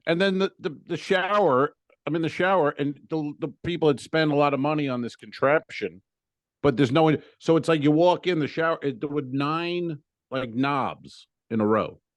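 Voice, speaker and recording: A man's voice: a little high, moderate pace, no echo. A man co-hosting a comedy podcast, telling a story in a casual, profane way and acting out his own exclamations. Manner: animated, profane, acts out exclamations. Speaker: podcast co-host.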